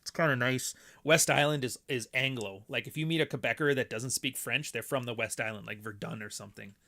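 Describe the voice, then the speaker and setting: Playing a block-building game on stream, this man talks a little fast in a pushed, bright, mid-range voice with vocal fry. He rambles profanely with his friends and laughs frequently.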